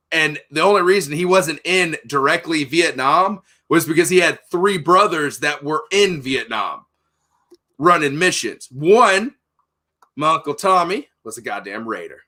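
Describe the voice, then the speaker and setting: Co-host, male, bright slightly high voice, emphatic and profane. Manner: profane, emphatic family anecdotes. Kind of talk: casual chat.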